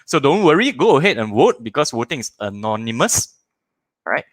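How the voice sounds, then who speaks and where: A man hosts a live parenting workshop online, walking viewers through polls with a bouncy, playful delivery. His mid-pitched voice swings up and down a great deal as he teases and encourages his audience. The recording is close and dry, with no room sound. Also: moderate pace, no room sound. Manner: animated and playful, jokes with the audience.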